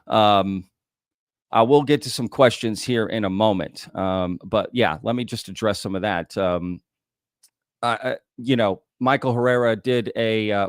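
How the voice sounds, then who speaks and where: In clean studio sound with no room noise, a lowish-voiced man hosts a live stream. He's casual and drawling, greeting viewers and using "y'all" frequently.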